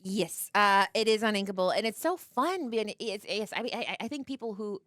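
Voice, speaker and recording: A playful, animated woman calls a card game match as live commentary, her voice sitting in the middle of her range. She jokes with her co-caster and voices players' thoughts. The sound is dry and close to the mic. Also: medium pitch, no echo. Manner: animated, playful, quick to laugh and act out quotes. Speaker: tournament commentator.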